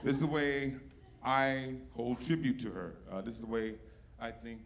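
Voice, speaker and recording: Swearing freely at a comedy club, a man performs stand-up and struggles to hold back tears while talking about his mother. His voice is medium in pitch and moderately paced, and his manner is profane, emotional and near tears. Audience noise from the live club is audible.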